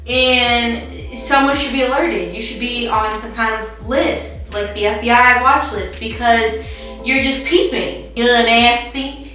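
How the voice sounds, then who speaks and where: A woman's voice: on the high side, sharp tone. Sarcastic chatty woman in an echoey room. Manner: chatty, joking, sarcastic asides. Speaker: podcast host. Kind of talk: casual reaction commentary. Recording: echoey room, distant mic, faint music.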